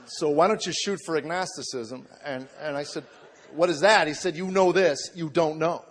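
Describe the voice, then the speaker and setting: A middle-aged man, a comedian, tells the story of his faith to an audience, often repeating words at the start of his sentences and moving from a low, subdued tone to shouted excitement. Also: in a large hall. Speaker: comedian giving a testimony.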